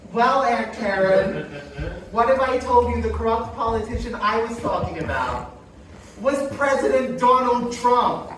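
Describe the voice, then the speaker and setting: A woman's voice: on the high side, expressive, measured pace. A woman ventriloquist comedian performing live, playing the patient, mock-earnest straight man to her puppet. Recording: echoey hall from far off with audience noise.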